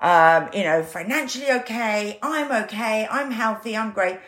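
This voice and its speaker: A woman's voice: a little high, normal speed. A woman, a guest telling her story candidly and acting out the voices she quotes. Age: 50s. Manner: animated, acts out quoted voices.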